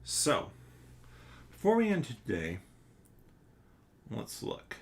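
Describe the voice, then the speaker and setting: A man's voice: mid-range voice, wildly swooping pitch, takes it slowly, creaky. A man hosting a solo board game playthrough, thinking aloud and counting out damage and cards. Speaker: board game channel host.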